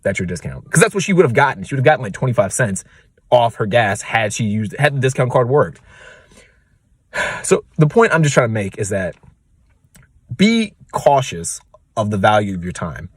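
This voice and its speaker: Rambling young man with a husky voice. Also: mid-range voice, sing-song, normal speed, pauses often, dry recording, studio quality. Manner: rambling, loose, lots of "like" fillers. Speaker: real estate advisor vlogger. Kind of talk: casual vlog rant.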